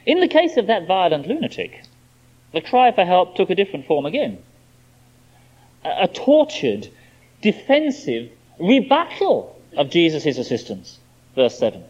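A male preacher delivering an expository sermon with lively, animated intonation. His voice sits a little high, and he drives his points home with emphasis. The recording sounds dull and lo-fi. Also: unhurried.

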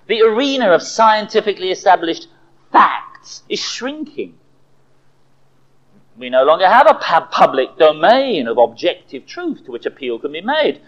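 A man preaching a sermon, telling stories with animated, dramatic delivery. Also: a little high. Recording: dull lo-fi recording.

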